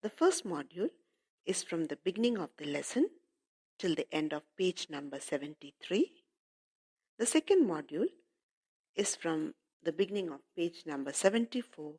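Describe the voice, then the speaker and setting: A woman's voice: deep voice, very animated, normal speed, a little mellow, slightly rough. A woman teacher explaining a lesson to children, addressing them directly and repeating points.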